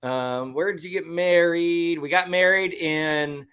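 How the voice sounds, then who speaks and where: Man, 30s, bright slightly high voice, rambling casual livestream chat. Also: fairly even intonation, measured pace, clear, resonant tone. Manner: easygoing, rambling, many fillers. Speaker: livestream co-host.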